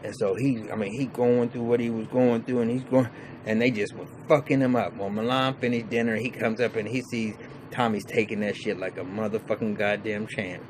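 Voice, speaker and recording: A man's voice: fairly low pitch, steady tone, fairly quick, background noise. A man giving a casual, profane, rambling episode recap, full of restarts and fillers. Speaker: TV show reviewer.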